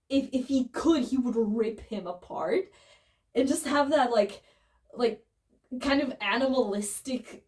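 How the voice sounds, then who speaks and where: A young woman giving a casual, animated film critique, rambling with fillers and restarts and briefly acting out scenes. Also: high voice. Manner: acts out scenes with quick voices. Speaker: video essayist. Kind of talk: casual opinion commentary.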